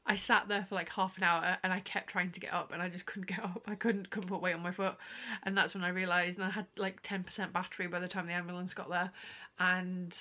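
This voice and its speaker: A woman's voice: fairly low pitch, level tone, quick pace, pushed and bright, highs cut off. A young woman vlogging, telling a story in a casual, rambling way with many fillers. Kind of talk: casual chat to camera.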